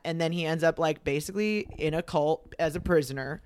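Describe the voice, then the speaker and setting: A young man on a podcast, casually retelling a story in a loose, animated way, acting out the quoted lines and using lots of fillers. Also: on the high side, a little fast, hardly any pauses, smooth, dry recording.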